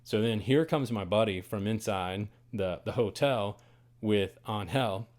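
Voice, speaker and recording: A man hosting a podcast, telling a story in a casual, animated and dramatic way. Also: lowish voice, unhurried. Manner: animated, dramatic, swings to loud bursts on quoted lines. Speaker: podcast host. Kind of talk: casual first-person storytelling.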